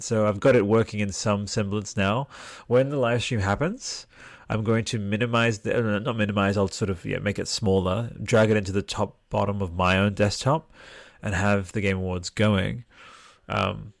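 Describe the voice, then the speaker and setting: Gravelly and on the low side, the man talks at a moderate pace with fairly even intonation. He's a tired livestream podcast host rambling over viewer comments and swearing often, captured on a desktop mic with headphones in echo-free studio quality.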